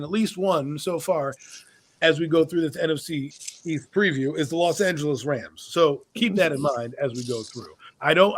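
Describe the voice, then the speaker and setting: A man hosting a casual sports podcast, opinionated and blunt, swearing freely as he gives his predictions. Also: a little high. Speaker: podcast host.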